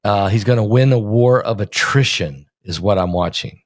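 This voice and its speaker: A man's voice: lowish voice, normal speed, no room sound, studio quality. A man hosting an interview in a conversational, chatty way, asking his guest questions. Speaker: host. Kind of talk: casual interview talk.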